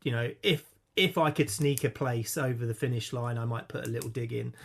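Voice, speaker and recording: A man's voice: medium pitch, a little fast, gravelly. A man co-hosting a podcast in casual chat, chatty and self-deprecating, often restarting his sentences. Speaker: podcast co-host.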